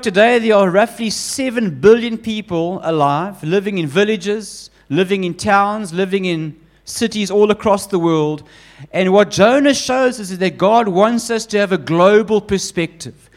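A man preaching a sermon with emphatic, animated delivery, often building up repeated lists. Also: high voice. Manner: acts out quoted voices of God and Jonah.

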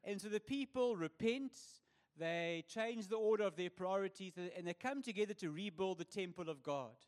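South African male pastor, high-pitched, humorous conversational preaching. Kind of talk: sermon.

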